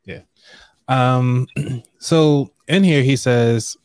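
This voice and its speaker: A man hosts a live-stream money show in a loose, easygoing way, clearing his throat and reading aloud from a book. His voice is mid-pitched and sits dry and close, with little room sound. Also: very slow, pauses often, a little mellow, no echo.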